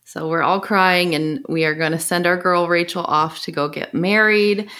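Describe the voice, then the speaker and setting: Low-voiced effusive woman co-host. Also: steady tone, normal speed. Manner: warm and effusive, wraps up the show. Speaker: podcast co-host. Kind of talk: casual chat.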